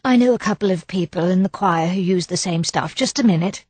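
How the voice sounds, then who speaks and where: A woman narrator voicing a proud, cool woman singer who talks briskly. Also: lowish voice, a little mellow, husky, dry recording.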